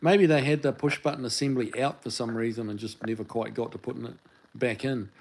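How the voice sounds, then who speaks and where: A man's voice: mid-range voice, fairly even intonation, a little fast, creaky, a little mellow. A man with a New Zealand accent hosting a casual livestream, answering viewer chat in a rambling, easygoing way with lots of fillers and restarts.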